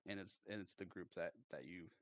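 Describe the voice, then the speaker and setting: A man narrating as game master in casual, halting speech with lots of fillers. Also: deep voice, fairly bright tone, no room sound.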